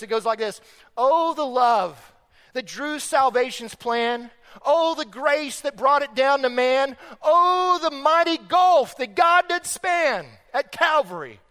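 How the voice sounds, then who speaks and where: A man with a very high voice preaches a sermon in a large church sanctuary, with a long reverb behind him. He swings from hushed, low passages to loud, emphatic peaks. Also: lively intonation, a little slow, clean tone. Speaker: pastor.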